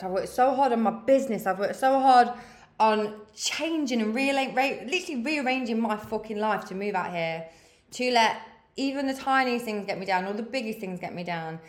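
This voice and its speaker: Frank woman, echoey room. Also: medium pitch. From England. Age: 30s. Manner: frank, swears freely, big-sister tone. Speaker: podcast host. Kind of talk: candid motivational chat.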